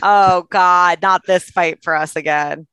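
A woman's voice: lowish voice, steady tone, unhurried, a bit bright, clean tone, no echo. A young woman co-hosting a podcast, chatting and teasing her co-host. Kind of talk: casual chat.

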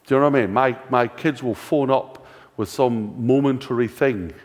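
Scottish pastor preaching in a reverberant church. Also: male voice, mid-range voice, moderate pace. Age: older. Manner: conversational, rhetorical questions, dry self-mocking humour. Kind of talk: sermon. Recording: long reverb of a church hall.

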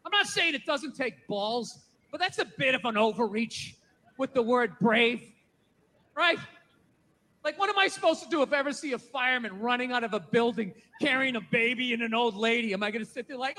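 A stand-up comedian man delivers a profane, ranting routine and slips into mocking voices. His voice sits very high for a man and rings bright and forceful. A faint noise lies underneath. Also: expressive, a little fast.

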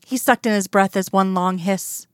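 Woman narrator, calm storytelling, smooth clear voice, dry close recording. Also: mid-range voice, moderate pace, no room sound. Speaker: audiobook narrator. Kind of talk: reading romance fan fiction aloud.

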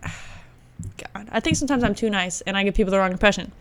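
A young woman hosting a podcast, telling a story in a casual, animated way and laughing often. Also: medium pitch, fairly quick. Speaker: podcast host. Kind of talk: casual chat.

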